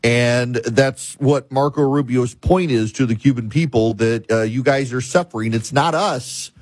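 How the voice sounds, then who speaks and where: A man's voice: mid-range voice, measured pace, no room sound. A man delivering an emphatic political monologue as a commentator host, repeating and listing points with frequent restarts.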